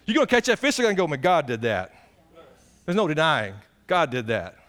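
A middle-aged man preaching a sermon, his voice sitting high for a man. He talks in a folksy, conversational way, asks the congregation questions, and swings between excited, raised passages and low, quiet asides. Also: fairly quick. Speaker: pastor.

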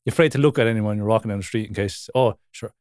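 A man's voice: fairly low pitch, racing, a little mellow, no echo, clean studio sound. A man co-hosting a podcast, talking in an easygoing, reflective way and laughing easily. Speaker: podcast co-host. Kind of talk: casual chat.

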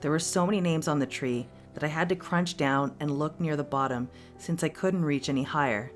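A woman with a very low voice narrates a story aloud as a podcast host. Her reading is steady and expressive. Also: a little fast, soft background music.

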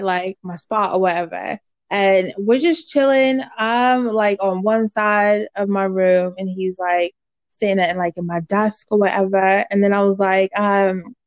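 A young woman co-hosting a podcast, telling a story in casual chat, full of fillers, and acting out other people's lines in lively voices. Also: mid-range voice, clear, resonant tone, dry recording, highs cut off. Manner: animated, acts out quoted voices, lots of fillers.

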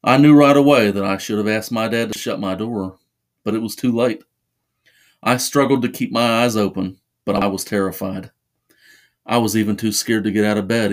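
A man narrating a first-person horror story in a measured, suspenseful way. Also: lowish voice.

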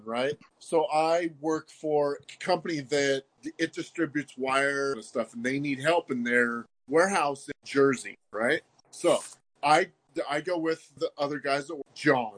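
A man with a bright, forceful voice spins a rambling anecdote on a casual chat show. He keeps checking in with "right?" and leans on "like". His pitch sits a touch high for a man. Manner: animated, peppers story with "like" and "right?". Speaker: guest. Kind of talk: casual storytelling.

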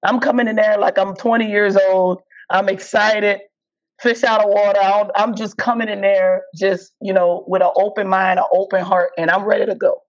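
A woman's voice: mid-range voice, moderate pace. A woman comedian, chatting in a casual interview, laughing and acting out what people said. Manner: animated, laughing, acts out quotes. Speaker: comedian guest. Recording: dull lo-fi audio.

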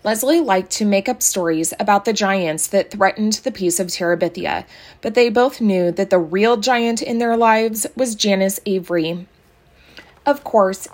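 A woman narrating a children's novel aloud, calm and even in her read-aloud style. Her voice sits in an ordinary middle pitch for a woman. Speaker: audiobook reader. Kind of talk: storybook narration.

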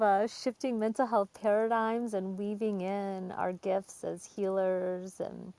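Brief: woman podcast guest, mid-pitched, effusive and heartfelt, chatty filler-laden spiritual talk. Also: flat delivery, measured pace, creaky, hardly any pauses, dark tone, no room sound. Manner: effusive, many filler words. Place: home porch.

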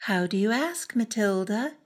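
A woman reading a storybook aloud, voicing a calm mother who asks quiet, measured questions. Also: medium pitch. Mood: questioning.

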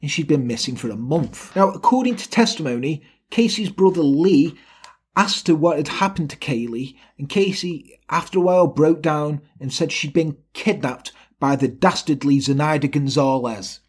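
A man's voice: on the high side, normal speed, slightly rough. A man hosting a casual true-crime podcast, telling the story in an irreverent, jokey way. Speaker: podcast host.

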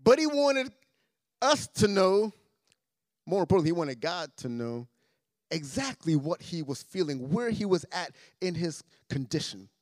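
A man with a fairly high voice preaches to his congregation, repeating phrases and swinging from hushed to loud. The sound is dry and close. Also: very animated, measured pace, no echo. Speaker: pastor. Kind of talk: sermon. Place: church sanctuary.

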